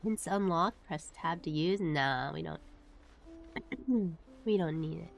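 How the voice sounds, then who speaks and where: A woman's voice: low-pitched, slow pace, vocal fry, faint music behind. A woman streamer chatting casually with her viewers while playing a game and reading its text aloud. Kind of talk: casual live-stream chat while gaming.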